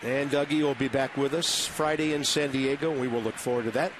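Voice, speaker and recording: A man calling baseball play-by-play from a ballpark booth, brisk and conversational with wry asides. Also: medium pitch, steady tone. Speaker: play-by-play announcer. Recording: noisy broadcast audio.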